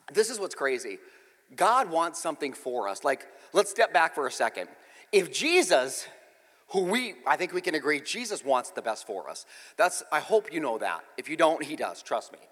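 A middle-aged pastor with a fairly high voice speaks at a moderate pace in a church, his words carrying that big-room sound. Lively and exclamatory, he jokes with the congregation through a funny family story, often at his own expense.

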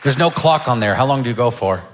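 A man's voice: mid-range voice, animated, quick pace, a bit bright. A middle-aged man preaching a sermon as pastor in a church, joking and telling stories before building to fervent preaching. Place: church stage.

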